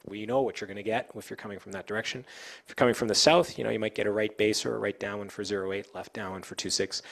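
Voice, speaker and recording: Fast-talking man, lowish voice. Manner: fast-talking, casual, with frequent fillers. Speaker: air traffic controller. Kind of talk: informal safety talk to pilots.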